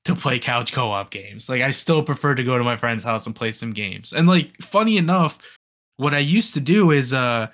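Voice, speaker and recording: A man's voice: mid-range voice, expressive, normal speed, a bit bright. A man in his late twenties chatting casually on a podcast, enthusiastic and full of fillers and restarts. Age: 20s. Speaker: podcast co-host. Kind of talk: casual chat.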